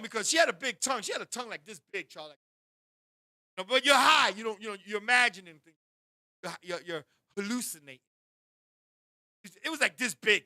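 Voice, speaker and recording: Hosting a talk show, a man animatedly tells a raunchy story, breaking into shouts and repeatedly turning to his co-host. His voice is high, and the studio recording is clean with no echo.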